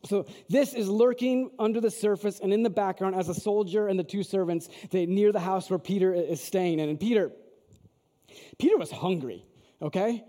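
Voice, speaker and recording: A man's voice: high voice, moderate pace, dark tone. A man preaching a sermon, telling a story in a conversational way and asking the audience questions. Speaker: pastor. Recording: long hall reverb.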